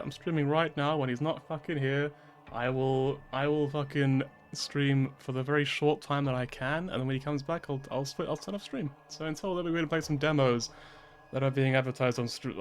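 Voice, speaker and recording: A man in his twenties, streaming and ranting in casual chat: animated, exasperated, swearing freely. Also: a little high. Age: 20s.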